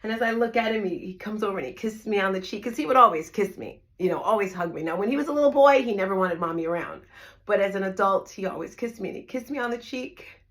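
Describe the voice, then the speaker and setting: A woman's voice: mid-range voice, quick pace, a bit bright. A middle-aged woman from New Jersey, a fitness instructor, telling a personal story to an audience in a conversational, emphatic way, often checking in with "right?". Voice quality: emphatic, repeats phrases for effect. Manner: conversational, asks "right?" to listeners.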